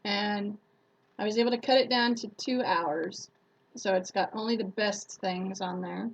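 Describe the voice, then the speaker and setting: A woman's voice: medium pitch, a little slow, low-quality recording. A woman YouTuber chatting casually on a live stream who laughs often and retells stories with acted-out quotes.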